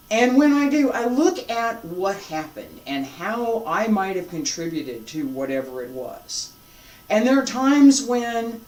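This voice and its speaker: Qigong instructor, even mid pitch, unhurried guided breathing cues with chatty asides; roomy, off-mic sound. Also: distant mic. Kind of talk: guided breathing lesson with reflective talk.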